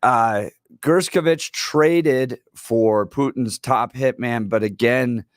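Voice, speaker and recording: Animated male talk radio host. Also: medium pitch, takes it slowly, no room sound, studio quality. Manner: animated storyteller, laughs while telling anecdotes. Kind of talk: casual talk radio banter. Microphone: studio microphone.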